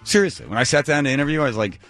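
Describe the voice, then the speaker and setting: A man's voice: medium pitch, animated, rapid-fire, a bit bright. A middle-aged man co-hosts a radio show in loose, joking banter, with a mid-range voice that moves about a lot. He acts out other people's lines as he tells stories, over faint music. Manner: jokey storyteller who acts out quotes.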